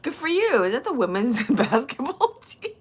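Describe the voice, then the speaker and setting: A woman's voice: high-pitched, big pitch swings, moderate pace, noisy background. An older woman chatting casually on a livestream, reading viewers' messages aloud and teasing them with crude, swearing humor and frequent laughter.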